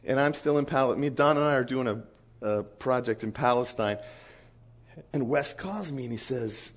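A man, a missionary, telling an animated story in a sermon, chuckling often and acting out the people in it. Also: mid-range voice, normal speed.

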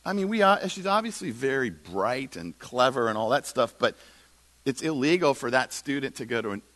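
A man's voice: medium pitch, sing-song, normal speed, fairly bright tone. A middle-aged male pastor preaching a sermon, telling stories animatedly and acting out dialogue.

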